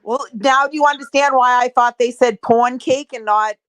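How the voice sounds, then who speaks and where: A woman's voice: fairly high pitch, steady tone, normal speed, fairly bright tone, no echo. A woman chatting casually as a guest, teasing and laughing easily. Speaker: guest on a chat stream. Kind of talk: casual chat.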